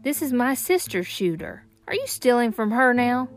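A woman's voice: a little high, big pitch swings, moderate pace, faint music behind, pitched above the performer's own voice. A woman voicing a proud, bossy boy from long ago who talks in scornful, old-timey phrases in an audiobook. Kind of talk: audiobook narration.

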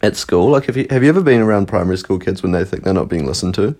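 Lively low-voiced man chatting loosely. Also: rapid-fire. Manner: laughs often, storytelling, swears freely. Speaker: podcast co-host. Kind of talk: casual podcast chat.

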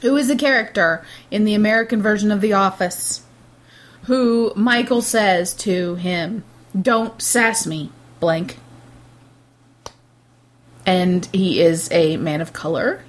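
Female podcast co-host, playful and wry, quick asides, giggly. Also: medium pitch. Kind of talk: casual chat.

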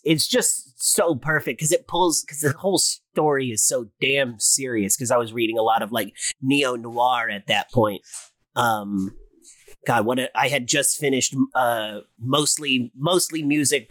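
A man who wrote the audio drama, chatting casually with the cast in an excited, rambling way, often restarting sentences and laughing. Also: mid-range voice, normal speed, no echo.

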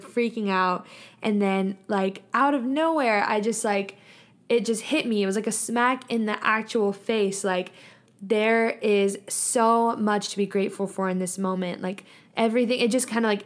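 Young adult woman, solo podcast host: mid-pitched, chatty, earnest, and heavy on the "like"s. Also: steady tone, moderate pace. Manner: chatty, says "like" constantly, reflective and earnest. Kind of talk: casual solo podcast monologue.

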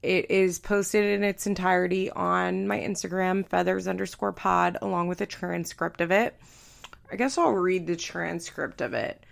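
Gravelly-voiced woman podcast host. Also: on the low side, normal speed. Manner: candid, offhand, reads quoted lines flatly. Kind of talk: casual podcast chat, reading a transcript aloud.

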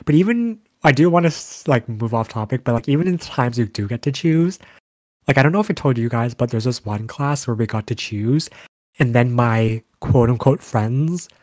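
A young man in casual chat, telling animated stories with lots of fillers. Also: medium pitch, normal speed, no echo. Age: young adult. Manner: animated storytelling, frequent fillers.

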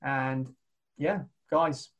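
A man's voice: mid-range voice, steady tone, extremely slow, a bit bright, muffled recording. A British man hosting a podcast in a casual chatty way, laughing often and repeating himself as he thinks. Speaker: podcast host.

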